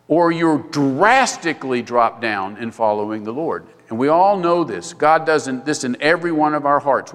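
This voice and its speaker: Bright-voiced man preaching in a reverberant hall. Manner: conversational preaching, pitch jumps high for quoted voices. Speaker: pastor. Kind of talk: sermon.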